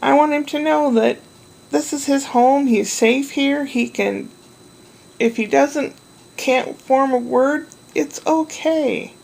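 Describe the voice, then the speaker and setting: Rambly woman vlogging, bit of fry in her voice, just chatting along. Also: high-pitched, slow pace, a little mellow, poor audio. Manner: meandering, chatty storytelling. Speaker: vlogger caring for a toddler. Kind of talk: rambling casual chat.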